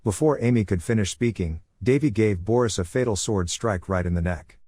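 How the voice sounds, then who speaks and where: A man reading a manhwa recap as scripted story narration, in a flat, even delivery. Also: on the low side, fairly quick, dry recording, clean studio sound.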